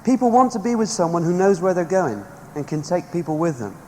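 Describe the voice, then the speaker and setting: This motivational speaker's voice sits high and is mellow, very animated and fairly quick. He gives an emphatic seminar speech to a live audience in a large hall, rallying them with stories. Echo and faint background noise fill the recording.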